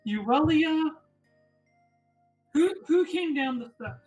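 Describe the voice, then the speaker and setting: A woman narrating as game master of a tabletop game, unhurried and pausing to find her words. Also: high-pitched, expressive, darkish tone, faint music behind.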